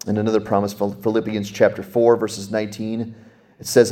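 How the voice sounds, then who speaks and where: A pastor preaching in a lowish male voice that is dynamic rather than flat. He slows and goes soft over scripture, then climbs sharply in pitch and volume to hammer home a point. The delivery is earnest and sermon-styled throughout.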